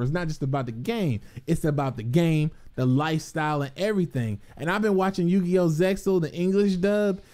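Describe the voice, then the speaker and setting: A man, a gaming content creator, rambling casually to his viewers with lots of swearing, slang and laughter. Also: a little high. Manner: profane, excitable, laughs often, streetwise slang.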